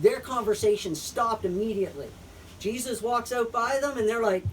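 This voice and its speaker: A man's voice: very high voice, normal speed, a little hiss or hum. A man casually retelling a story in a faith chat, rambling with fillers and swearing. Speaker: friend in a faith discussion. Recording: distant mic.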